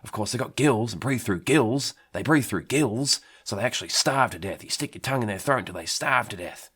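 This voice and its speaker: A man playing a rambling, swearing Australian bloke who tells an absurd story in a deadpan way, with an Australian accent. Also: fairly low pitch, brisk, husky, pitched above the performer's own voice. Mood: ranting. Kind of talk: absurd comic monologue.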